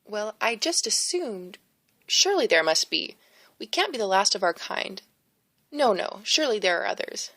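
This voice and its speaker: A woman voicing a kindly, modest male priest who talks gently and a little formally in an audiobook. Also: medium pitch, very animated, normal speed, full character voice. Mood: musing. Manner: gentle, earnest, slightly formal.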